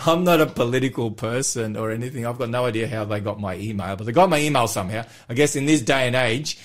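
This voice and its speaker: A man's voice: medium pitch, fast. Rambling man co-hosting radio. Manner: rambling, hesitant, self-deprecating. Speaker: radio co-host and church pastor. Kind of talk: casual radio chat.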